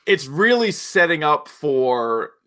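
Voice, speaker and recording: An animated young man talking through a show recap in easy, casual conversation. His voice is bright and forward, and he slips into quick voices for the characters' lines. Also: a little high. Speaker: podcast co-host. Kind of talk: casual chat.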